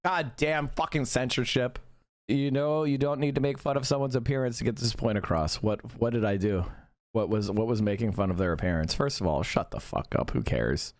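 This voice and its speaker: Hosting a livestream, a man rants through live commentary full of heated sarcasm and heavy profanity. His voice is medium-pitched and a little fast, captured in studio quality with no echo.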